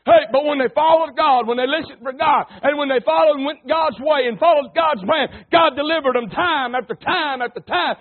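Folksy high-voiced preacher, tinny sound. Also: male voice, moderate pace, hardly any pauses. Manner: folksy and emphatic, calls on the congregation. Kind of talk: sermon.

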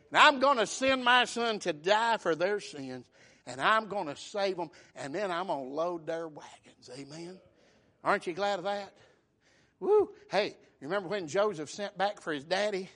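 Fervent high-voiced preacher. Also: male voice, expressive, unhurried. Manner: fervent, builds to shouting bursts, folksy storytelling. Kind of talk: sermon.

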